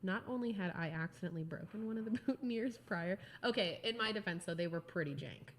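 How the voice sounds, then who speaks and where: A woman's voice: lowish voice, fast talker, slight background noise. A woman, a guest and wedding photographer, chatting casually, laughing and digressing as she talks. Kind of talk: casual podcast chat.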